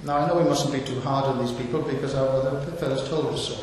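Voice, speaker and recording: A man's voice: mid-range voice, fairly even intonation, fast, a little mellow. A man preaching an expository sermon, asking rhetorical questions and stressing key words. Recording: echoey hall with hiss.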